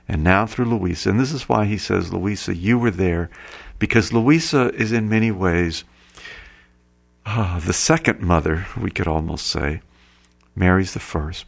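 A man's voice: sits low, creaky. A man giving a sermon-style talk, earnestly explaining passages he reads aloud. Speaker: preacher. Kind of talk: sermon-style spiritual reading commentary.

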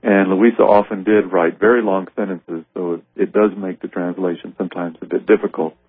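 A man's voice: low-pitched, steady tone, a little fast, breathy edge, dry recording. A man teaching on a devotional text for radio. He reads passages aloud and explains them earnestly. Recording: narrow, tinny radio broadcast sound.

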